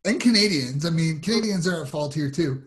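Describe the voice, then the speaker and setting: High-pitched blunt guy, podcast co-host, teasing, profane. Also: expressive, fairly quick. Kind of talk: casual hockey chat.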